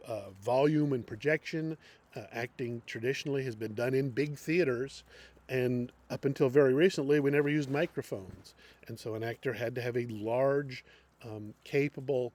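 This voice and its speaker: A man's voice: mid-range voice, a little mellow. Hesitant male acting teacher lecturing. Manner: unscripted, many ums and restarts. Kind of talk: classroom lecture.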